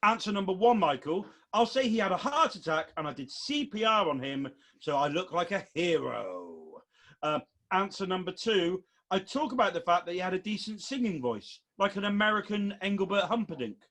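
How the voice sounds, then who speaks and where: A man's voice: sits high, expressive, normal speed, a bit bright. A man hosting a comedy quiz podcast, chatty and laughing easily. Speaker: quiz host. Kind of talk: comedy panel podcast chat.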